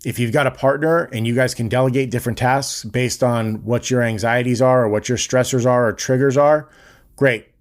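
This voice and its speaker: A man's voice: mid-range voice, fairly even intonation, normal speed. A young man hosting a podcast, giving blunt, earnest advice in a casual monologue and swearing freely. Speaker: podcast host.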